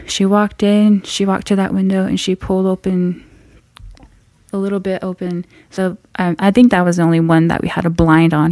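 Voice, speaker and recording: A young woman from the Navajo Nation tells a frightening personal story. Her voice sits at a middle pitch and sounds close and dry. She often sinks into a near whisper at the tense moments. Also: mellow, dry recording. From Navajo Nation, US Southwest. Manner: halting restarts, builds suspense. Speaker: guest storyteller. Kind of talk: telling a true scary story.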